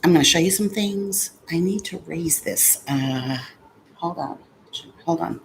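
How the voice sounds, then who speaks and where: A woman chats casually to her viewers from home, unhurried and low in her voice. She jokes sarcastically and curses when things go wrong. A faint hum of the room sits under her talk. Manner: chatty, sarcastic, swears when frustrated. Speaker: vlogger. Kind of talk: casual vlog chat.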